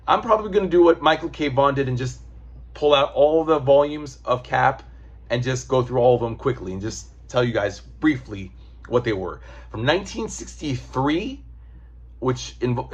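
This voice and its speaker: A man's voice: medium pitch, husky, dull audio. A man giving a casual, rambling comic book review, loose and profane.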